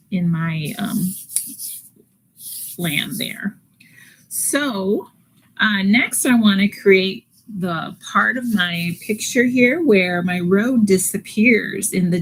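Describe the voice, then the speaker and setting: A woman's voice: medium pitch, a little hiss or hum, poor audio. A woman art teacher giving a live online drawing lesson, talking through each step patiently with frequent fillers.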